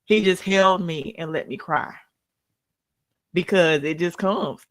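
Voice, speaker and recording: A woman's voice: on the low side, slow. A woman hosting a heartfelt talk about grief, emotional and at times close to crying. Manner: tearful, heartfelt, speaks openly about grief. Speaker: host. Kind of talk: emotional tribute conversation.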